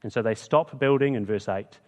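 Male preacher, conversational, rhetorical questions, mid-pitched voice, long hall reverb. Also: fairly quick. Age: adult with school-age kids. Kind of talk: sermon.

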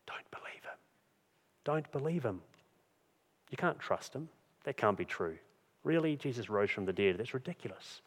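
A man's voice: medium pitch, animated, moderate pace, pauses often, slightly rough. A man preaching voices Satan as a sly tempter, whispering scornful doubts. The voice carries a long hall reverb. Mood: scoffing. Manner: hushed, scoffing whisper.

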